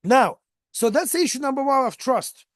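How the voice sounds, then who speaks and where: An American man gives a lecture in a loose, conversational way, full of restarts and "right?" tag questions. His voice sits high for a man. The sound is dry and close. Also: expressive, moderate pace, dry recording. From United States. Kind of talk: lecture with anecdotes.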